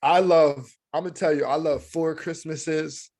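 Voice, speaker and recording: An American man co-hosts a podcast, chatting casually, laughing a lot and animatedly acting out movie scenes. His voice is a little high and his pace measured.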